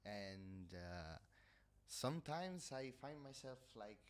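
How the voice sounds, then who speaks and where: A man's voice: mid-range voice, big pitch swings, takes it slowly. A man from Italy speaking English with an Italian accent, chatting casually on a livestream, nasal-sounding and hesitant, often stopping to search for words. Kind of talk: casual chat. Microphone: headset.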